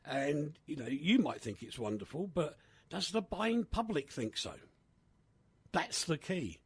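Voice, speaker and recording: A man's voice: a little high, a little slow, breathy edge, dry recording. Chatty radio guy, bouncy voice going up and down, dry close mic, lots of ums. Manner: animated, chatty, many fillers. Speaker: radio host. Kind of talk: casual radio chat.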